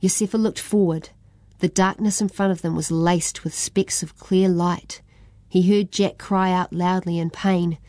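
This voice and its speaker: Mellow New woman reading a story. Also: on the low side, steady tone, unhurried, no echo.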